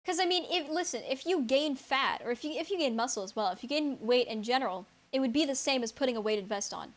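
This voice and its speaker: Young woman streamer with a high voice, chatting live with viewers, stammering and incredulous. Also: animated. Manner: incredulous, stammering, quick to laugh.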